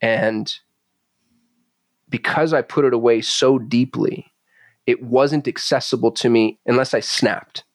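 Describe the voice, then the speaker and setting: A man from Phoenix speaks candidly as a podcast guest, intense and confessional, swearing freely and growing animated when he retells events. His medium-pitched, middle-register voice is a little slow with long pauses. The sound is dry and close, with no room echo.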